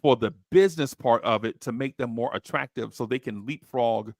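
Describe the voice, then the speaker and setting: A man hosting a basketball podcast, telling stories in slangy, excitable chat and jumping into high voices when he quotes people. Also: normal speed, no echo, clean studio sound. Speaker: podcast host. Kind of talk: animated storytelling chat.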